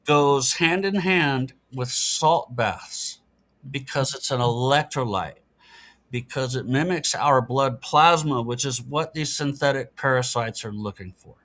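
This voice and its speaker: A man's voice: medium pitch, unhurried, fairly bright tone. Earnest middle-aged man explaining. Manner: earnest, matter-of-fact explaining. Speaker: podcast guest. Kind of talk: casual interview talk.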